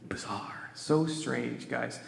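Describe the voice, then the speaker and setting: Middle-aged man, gravelly voice, animated casual panel storyteller, echoey convention hall sound. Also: medium pitch, slow, whispered. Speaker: panel speaker.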